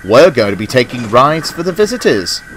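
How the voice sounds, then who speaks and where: A man voicing a calm, reassuring male engine driver in a storybook tale. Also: mid-range voice, moderate pace, a little hiss or hum, pitched above the performer's own voice, rough recording.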